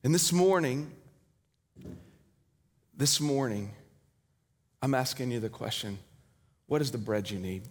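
A male pastor preaching a sermon, telling a story with dramatic swings between loud and hushed delivery. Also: medium pitch, a little slow, long pauses, breathy edge. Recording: hall reverb.

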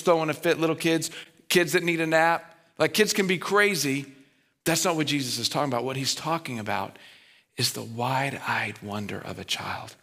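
A man pastor preaching a sermon with a bright, forceful voice set a bit high. He talks in a conversational, earnest and plainspoken way.

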